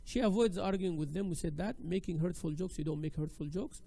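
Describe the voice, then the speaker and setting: A man teaching a class in a lively, conversational way, acting out examples as he goes. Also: high voice, fairly quick, vocal fry. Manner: animated and conversational, acts out examples. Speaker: Islamic studies teacher. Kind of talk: classroom lecture.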